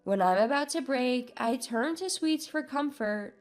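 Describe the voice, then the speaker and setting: A woman narrating a first-person family story in a measured, subdued way. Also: sits high, animated. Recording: narration with soft background music.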